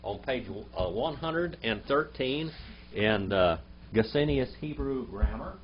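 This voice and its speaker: Man, Bible language teacher, very slow and deliberate, quizzing the class; dull lo-fi recording with a faint hum. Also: mid-range voice, lively intonation. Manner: quizzes the class, reads Hebrew words slowly.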